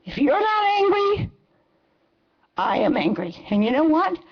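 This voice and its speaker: An older woman in her seventies gives a fiery, emphatic public comment to a city council. Her voice sits high, and the meeting recording sounds dull and lo-fi. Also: very animated, a little slow. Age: 70s. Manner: angry, impassioned, emphatic. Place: council chamber.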